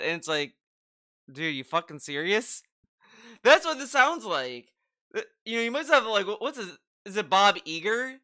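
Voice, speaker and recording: Guy streamer roasting a video, incredulous and sweary, bright sharp voice. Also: high-pitched, sing-song, moderate pace. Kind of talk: casual reaction commentary.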